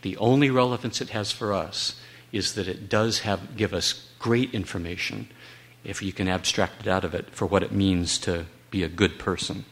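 A man delivers a Bible teaching talk in a fairly low voice. He presses his points earnestly and emphatically, now and then slipping in a wry aside. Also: fairly even intonation, moderate pace, a bit bright. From United States.

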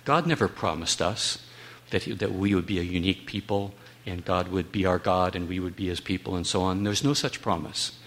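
A man's voice: low-pitched, fairly quick, a bit bright. A man giving an earnest Bible teaching talk, emphatic with occasional wry asides. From United States.

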